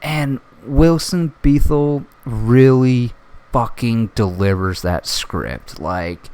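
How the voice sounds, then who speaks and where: A man hosting a casual solo podcast, reviewing a TV show in an excitable way, swearing often and full of fillers. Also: mid-range voice, slow. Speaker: podcast host.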